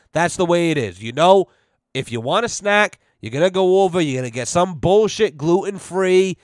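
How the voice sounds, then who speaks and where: Young male podcast host, profane sarcastic rambler, slightly high voice, dry close recording. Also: no room sound. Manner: profane, rambling, sarcastic, lots of "you know". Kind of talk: casual comedic rant.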